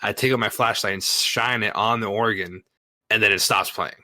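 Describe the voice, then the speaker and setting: A man's voice: on the low side, normal speed, no echo. A man casually retelling a story, full of swearing and fillers. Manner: profane, filler-heavy, animated retelling.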